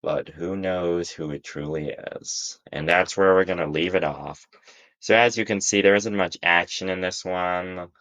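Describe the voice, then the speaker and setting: A man's voice: low-pitched, unhurried, a bit bright. A man casually narrating a fan-fiction story in a rambling way, with frequent restarts.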